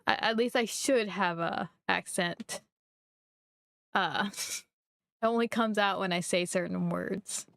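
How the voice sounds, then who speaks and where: A young woman from Missouri, chatting casually and rambling while she streams a game, quick to poke fun at herself. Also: mid-range voice, vocal fry, fairly bright tone, no echo. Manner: rambling, chatty, self-deprecating. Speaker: livestreamer. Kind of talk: casual live gameplay chat.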